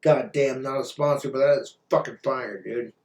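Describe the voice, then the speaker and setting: A man's voice: medium pitch, steady tone, moderate pace, a little mellow. A man ranting on his own vlog in a crude, blunt way, swearing freely. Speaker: vlogger. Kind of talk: profane casual rant. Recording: roomy echo, far from mic.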